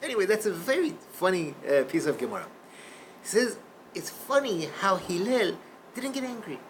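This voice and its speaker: A man teaching a Torah class in a classroom, telling a story in an animated way. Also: sits high, moderate pace, a little hiss or hum. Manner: animated storyteller, shifts voice for quotes. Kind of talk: storytelling lecture.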